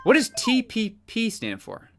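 A man's voice: high voice, wildly swooping pitch, a little slow, creaky, a bit bright. A young man live-streaming a game from home, chatty and goofy as he thanks viewers and reacts to chat. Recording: game music behind the voice.

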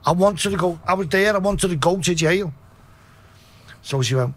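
A middle-aged Liverpool man, appearing as a podcast guest, recounts his story in a blunt, sweary interview. He speaks low at a moderate pace, and his voice has a slightly bright quality.

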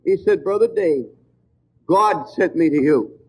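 A middle-aged man delivers a sermon in an emphatic, storytelling manner. His voice sits fairly high for a man, and he leans hard into each point with fervent conviction. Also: animated, unhurried, slight background noise, poor audio. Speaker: preacher.

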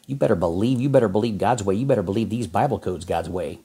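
A man preaching a fervent sermon, folksy and exhorting, with sudden jumps in pitch as he reads scripture. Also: fast talker, dark tone, breathy edge. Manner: folksy, says y'all and man.

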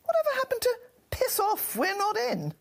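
A woman voicing a prim, fretful housewife in a comic story, shrill and indignant. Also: wildly swooping pitch, normal speed, vocal fry, heavily acted.

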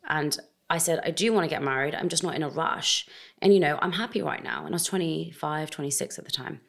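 A young woman with a notably low voice, talking in a relaxed interview. She is expressive and animated, speaking with an outspoken directness. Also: fast talker, gravelly. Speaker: podcast host, guest. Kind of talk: casual interview conversation.

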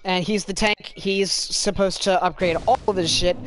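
Monotone male gamer, slightly high voice, halting over the rules, music under him. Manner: explains rules with many restarts. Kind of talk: casual gaming chat.

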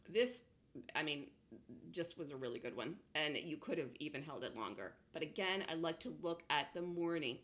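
A woman coaching day traders over a chart walkthrough, blunt and emphatic, punctuating her points with "boom". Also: a bit bright. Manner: emphatic, punchy with "boom" interjections; blunt, self-assured. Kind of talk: screen-share trading lesson.

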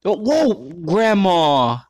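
A man with a slightly high voice giving let's play commentary. He sounds excitable and keeps talking straight to his viewers as he plays. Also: very slow, dry recording. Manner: excitable, calls himself "your boy", keeps addressing viewers as guys. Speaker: gaming YouTuber.

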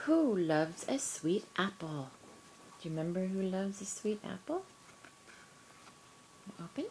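A woman reading a picture book aloud to a toddler, in sing-song baby talk with gasps and soft whispers. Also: medium pitch, lively intonation, takes it slowly, long pauses, slight background noise, low-quality recording.

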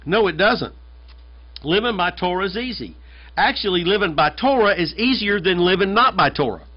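A pastor from the United States delivers a conversational but emphatic sermon, often doubling back to repeat a phrase for weight. His voice sits fairly high. The recording is dull and lo-fi. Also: expressive, normal speed.

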